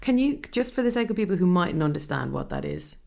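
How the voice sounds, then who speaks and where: A woman hosting an interview, asking gentle questions in a soft, encouraging way. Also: fairly low pitch, very animated, fast, gravelly. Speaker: interviewer, podcast host.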